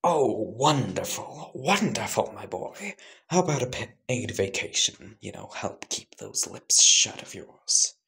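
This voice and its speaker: A man voicing a fat, scheming, smooth-talking male crime boss in a drawn-out, coaxing whisper, as whispered role-play. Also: lowish voice, very animated, sharp tone, exaggerated voice.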